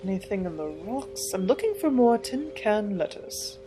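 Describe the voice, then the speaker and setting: A woman's voice: mid-range voice, sing-song, normal speed. A woman hosting a game playthrough, chatting and giggling as she thinks aloud. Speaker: gaming channel host. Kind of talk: let's play commentary. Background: faint game music.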